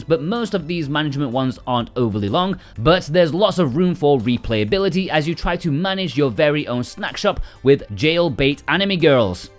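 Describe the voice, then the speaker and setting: A man hosting a game release roundup in casual scripted commentary, full of sarcastic joking asides. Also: fairly high pitch. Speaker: game release news host.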